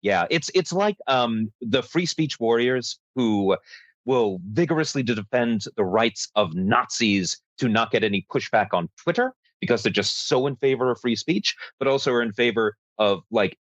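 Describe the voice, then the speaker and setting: A man's voice: medium pitch, expressive, moderate pace, no room sound, dull audio. Sardonic man with a swooping voice. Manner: sardonic, mock-formal asides, swooping intonation. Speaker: podcast co-host. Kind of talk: casual political chat.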